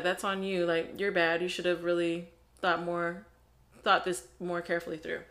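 A woman's voice: lowish voice, level tone, normal speed, a bit bright. A woman co-hosting a book review podcast, retelling the plot in casual chat and acting out the characters' lines.

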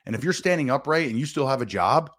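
A man who once played pro football, talking as a guest on a sports radio show and stressing his points with big jumps in pitch. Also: lively intonation, quick pace, a bit bright. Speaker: guest, former NFL player. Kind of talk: casual sports radio talk.

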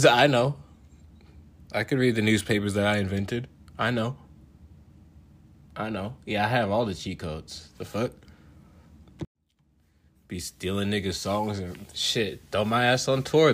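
A young man with a lowish voice rants boastfully in casual, profanity-laced slang. He laughs often and sounds a little high, riffing loosely on his own wild ideas. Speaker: show host.

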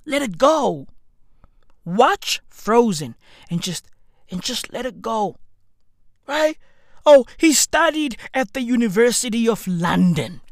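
A woman's voice: on the high side, very animated, slow pace, pauses often, dry recording, studio quality. A young woman, ranting sarcastically and with heavy swearing as a commentary vlogger. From South Africa. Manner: sarcastic, swearing, mocking, loud outbursts. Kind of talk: profane comedic rant.

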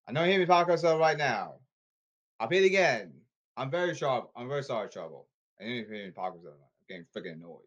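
Speaking fast with lively intonation, this podcast host scolds and rants in an agitated, repetitive monologue. His voice is medium-pitched, and the sound is lo-fi.

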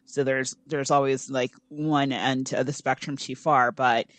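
A man who works as a coach, speaking in a measured, thoughtful way in a casual group discussion. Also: mid-range voice, flat delivery, fairly bright tone, dry recording.

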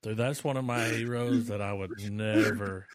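A man's voice: lowish voice, fairly even intonation, moderate pace, no room sound. A man co-hosting a casual podcast chat in a laid-back, agreeable manner. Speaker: podcast co-host.

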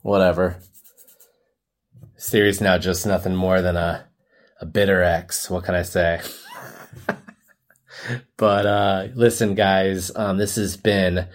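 A man's voice: low-pitched, little pitch movement, takes it slowly, pauses often, soft background music. Laid-back rambling podcast guy. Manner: rambling, joking, laughs often; playful, says "man" and "baby" a lot. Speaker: podcast host. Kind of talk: casual solo podcast monologue.

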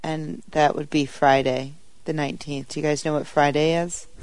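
A woman's voice: sits low, level tone, normal speed, darkish tone, no echo, rough recording. A woman co-hosting a podcast, chatting casually with a wry, joking manner. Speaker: podcast co-host. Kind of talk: casual chat.

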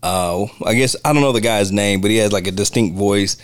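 A man's voice: a little fast, no echo, clean studio sound. A man co-hosting a podcast, chatting casually and playfully about a film. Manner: relaxed, playful, swings his pitch widely. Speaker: podcast co-host.

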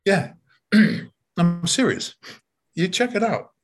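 A man's voice: high voice, sing-song, slow pace. An older man reminiscing in casual talk, rambling and repeating words, often chuckling as he tells his story.

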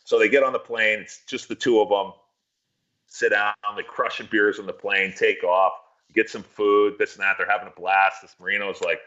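A man's voice: lowish voice, fairly quick, bright, forceful tone, highs cut off. A man casually telling a long, profane, rambling story on a podcast.

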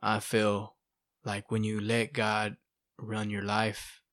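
A man's voice: fairly low pitch, takes it slowly, no room sound, studio quality. A middle-aged man telling his life story in casual chat, acting out what people said and saying "you know" and "bro" a lot. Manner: animated, acts out quotes, fillers like "you know" and "bro". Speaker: guest sharing testimony.

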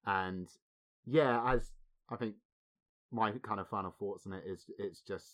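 A man co-hosting a film podcast, speaking in a measured way and chuckling often. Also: fairly low pitch, a bit bright. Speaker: podcast co-host. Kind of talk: casual film discussion.

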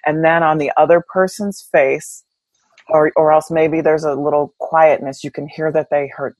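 A woman's voice: deep voice, no room sound, rough recording. Woman guest telling it straight, lots of ums and restarts, dry sound. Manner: candid, reflective storytelling with many fillers and restarts. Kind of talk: conversational interview.

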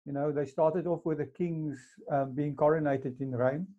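A man's voice: on the high side, steady tone, normal speed, mellow. A man interviewing a guest, explaining history at length with many fillers. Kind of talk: casual interview chat. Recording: dull lo-fi sound.

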